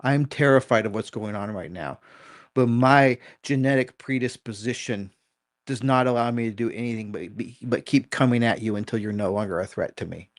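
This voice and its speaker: A man's voice: medium pitch, normal speed, natural voice. A man voicing the thoughts of a defiant, frightened female Malinois dog, speaking bluntly and with exasperation. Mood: desperate.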